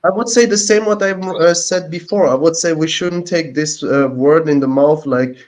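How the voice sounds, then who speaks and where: A man with a slightly high voice argues in a heated online panel, halting and earnest. He keeps restarting his sentences and sounds defensive. His delivery stumbles, then pushes ahead with conviction. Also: darkish tone, rough recording. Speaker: panel participant.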